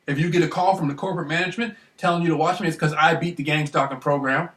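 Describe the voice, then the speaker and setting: Excitable man rambling in an echoey room. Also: fairly high pitch, quick pace, far from the mic. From Michigan, United States. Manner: excited, repetitive, keeps asking "you know what I mean". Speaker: vlogger. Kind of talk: rambling self-recorded monologue.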